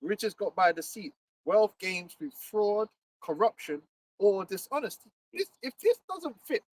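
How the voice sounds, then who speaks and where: A man, chatting casually as host in an animated, slangy way, laughing often. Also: high voice, unhurried, no echo. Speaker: livestream host. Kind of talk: casual chat. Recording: distant mic, faint background noise.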